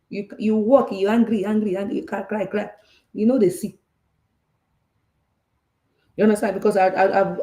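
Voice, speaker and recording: A Nigerian woman with a Yoruba accent hosts a casual finance talk, repeating points and firing off rhetorical checks. Her voice is mellow and warm. The recording has a roomy echo. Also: mid-range voice. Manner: animated and repetitive, with frequent rhetorical checks. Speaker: talk show host on personal finance. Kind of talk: casual teaching talk, switching between English and Yoruba.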